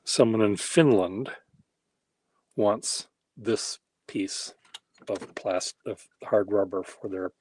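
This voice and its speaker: Hosting a handwriting workshop, a man with a fairly low, darkish voice rambles slowly and casually while he demonstrates. His humor is wry and self-deprecating, and there's slight background noise.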